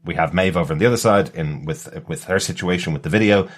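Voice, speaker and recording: A man's voice: low voice, fast. A man hosting a podcast in casual chat, rambling along with lots of fillers and restarts. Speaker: podcast host.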